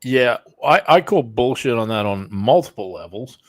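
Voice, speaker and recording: A man's voice: mid-range voice, animated, moderate pace, dry recording. A man co-hosting a casual podcast, skeptical and dry, laughing often. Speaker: podcast co-host. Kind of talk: casual chat.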